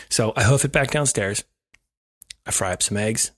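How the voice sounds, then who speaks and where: Husky-voiced man telling a wry story. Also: fairly low pitch, normal speed, pauses often, fairly bright tone. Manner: wry, self-deprecating storyteller. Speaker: podcast co-host. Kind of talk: casual podcast chat, telling an anecdote.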